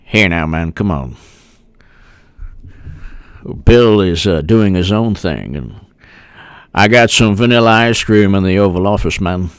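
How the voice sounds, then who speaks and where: A man's voice: low voice, expressive, measured pace, long pauses, clear, resonant tone, no room sound, pitched below the performer's own voice. A man doing an impression of a rambling elderly male president who drawls and ends his lines with "man". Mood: wheedling.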